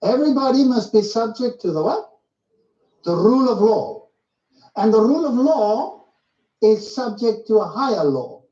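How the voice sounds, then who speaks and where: A man's voice: very high-pitched, expressive, moderate pace, warm tone, dull audio. Emphatic preacher man, echoey and distant. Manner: emphatic, asks the audience rhetorical questions. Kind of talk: sermon-style lecture with clips.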